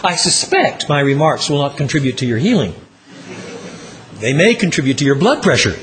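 Animated male preacher telling a story. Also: a little hiss or hum. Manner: dramatic storytelling, drops low for emphasis, slows on key words. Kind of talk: sermon.

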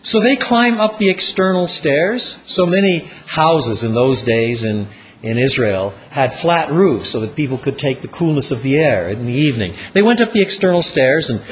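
Animated male preacher telling a story. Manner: dramatic storytelling, drops low for emphasis, slows on key words. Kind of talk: sermon.

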